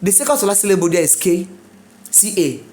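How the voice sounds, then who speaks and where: A woman teaching an exam prep lesson, drilling words slowly, spelling them out letter by letter and checking in with her students. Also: fairly low pitch, expressive, darkish tone. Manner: checks in with listeners often. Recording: echoey room.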